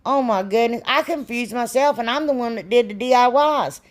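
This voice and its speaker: A woman's voice: fairly high pitch, a little fast. A middle-aged woman, rambling and self-deprecating as she explains a craft in a casual tutorial. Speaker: DIY crafts channel host.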